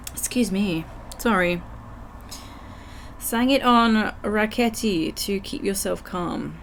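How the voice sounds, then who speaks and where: A woman with a croaky throat chatting with her live chat while reading game text aloud. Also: medium pitch, very slow, pauses often, a bit bright, a little hiss or hum. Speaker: livestream gamer.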